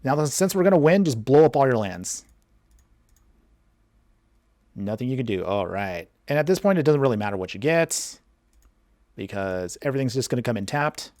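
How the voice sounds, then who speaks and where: A man giving excited card game commentary and a deck guide, laughing often and talking straight to his viewers. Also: medium pitch, a little fast, no room sound, studio quality. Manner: chatty, addresses viewers directly. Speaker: card game content creator.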